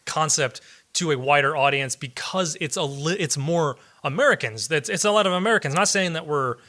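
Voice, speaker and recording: A man's voice: a little high, fairly quick, pushed and bright. A man co-hosting a podcast, chatting about a film in a loose, rambling, easygoing way. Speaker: podcast co-host. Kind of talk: casual film discussion.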